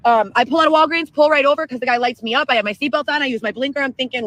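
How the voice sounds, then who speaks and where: A woman telling a long profane story in an excitable livestream rant. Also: high voice, rapid-fire, poor audio. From Chicago area, Illinois. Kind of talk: ranting livestream monologue.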